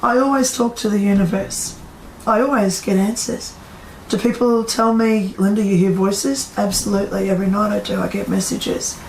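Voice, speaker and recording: A woman's voice: mid-range voice, steady tone, normal speed, a little mellow, slight background noise. A woman, a psychic medium, telling a story to an audience in a chatty way and asking them questions. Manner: chatty, quotes people in acted voices, asks the audience questions. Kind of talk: storytelling talk to a live audience. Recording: echoey room with faint ambience.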